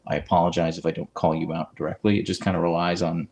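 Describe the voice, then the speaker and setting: He speaks quickly and flatly in a low, darkish voice, with the highs cut off. The man hosts a casual livestream on his phone, chatting and reading viewer comments aloud, using a clip-on mic.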